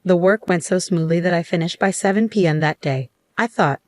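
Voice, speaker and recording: A woman telling a first-person story in an even, measured way. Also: fairly low pitch, no room sound, clean studio sound.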